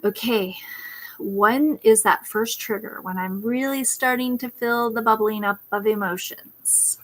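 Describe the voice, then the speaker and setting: A woman's voice: on the high side, fairly even intonation, a little slow. Woman coach telling a parenting story. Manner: reflective storytelling, acts out a child's pleading voice. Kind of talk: personal story on a talk show.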